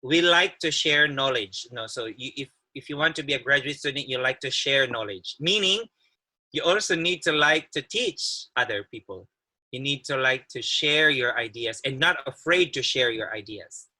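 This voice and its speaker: Man speaker on a video call, very bright tense voice, friendly, laughs a lot, restarts his sentences. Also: mid-range voice, expressive, normal speed, rough recording. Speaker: guest speaker, occupational therapist. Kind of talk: webinar presentation.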